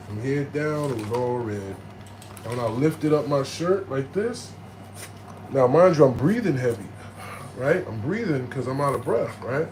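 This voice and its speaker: A man telling a story in animated, slangy street talk, jumping into loud, high bursts when he acts out quotes. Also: slight background noise, rough recording. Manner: profane, slangy.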